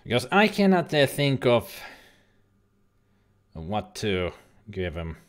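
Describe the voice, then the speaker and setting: A man's voice: mid-range voice, wildly swooping pitch, slow pace. A man giving casual, rambling let's-play commentary as a streamer, joking and now and then swearing. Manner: chatty, rambling, jokey, occasional swearing.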